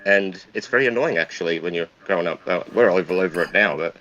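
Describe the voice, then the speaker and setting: A man's voice: deep voice, quick pace, a bit bright, slight background noise. A man, chatting casually during a watch-along and explaining things at length. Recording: muffled lo-fi audio.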